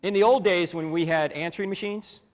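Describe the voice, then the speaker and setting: A middle-aged man giving a humorous teaching talk, telling animated stories, acting out voices and laughing as he goes. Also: sits high, a little fast. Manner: animated storyteller who acts out voices and laughs. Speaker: speaker. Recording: long hall reverb.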